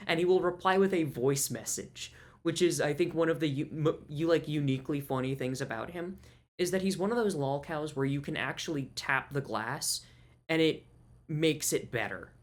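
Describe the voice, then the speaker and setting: A man's voice: a little high, moderate pace. A man co-hosting a podcast in casual chat, rambling and profane, often breaking into laughter. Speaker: podcast co-host.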